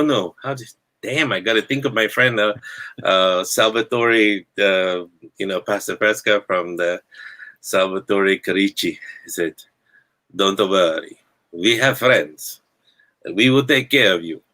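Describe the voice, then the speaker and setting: A man hosting a talk show, speaking in a halting, reflective way with many fillers and restarts. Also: fairly low pitch, fairly bright tone. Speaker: podcast host.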